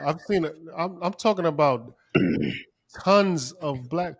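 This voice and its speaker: A man's voice: on the high side, slow. Man ranting profanely on a podcast. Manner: profane, heated rant; animated, voice climbing when worked up. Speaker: podcast co-host. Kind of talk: casual podcast conversation.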